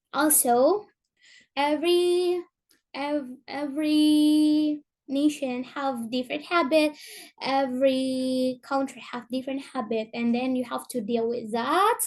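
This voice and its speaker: High-voiced woman with a Sundanese accent. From Indonesia. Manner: halting, searching for words in English. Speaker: presenter. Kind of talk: informal presentation.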